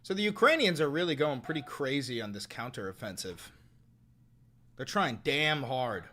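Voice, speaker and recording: Brash, bright-voiced male reaction streamer. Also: mid-range voice, lively intonation, normal speed. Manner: incredulous, swears freely, swings from muttering to shouting. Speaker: political commentator reacting to clips and chat. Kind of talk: casual livestream reaction commentary.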